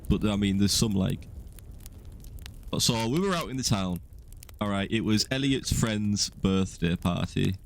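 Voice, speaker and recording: A man's voice: on the low side, lively intonation, unhurried, vocal fry, long pauses. A young man co-hosting a podcast, telling a story in a rambling, self-mocking way with many fillers. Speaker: podcast co-host. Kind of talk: casual storytelling chat.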